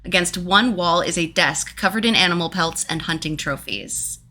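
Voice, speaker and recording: A woman's voice: on the low side, moderate pace, bright, forceful tone. A woman running a tabletop game as game master, narrating casually and playfully and swearing freely.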